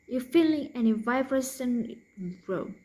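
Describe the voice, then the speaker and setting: A woman with a Vietnamese accent gives a slow, careful pronunciation lesson. Her voice sits a little high, and she repeats each consonant over and over, whispering the unvoiced ones. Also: warm tone, low-quality recording. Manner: demonstrates sounds by repeating them, drops to whispers. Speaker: pronunciation teacher.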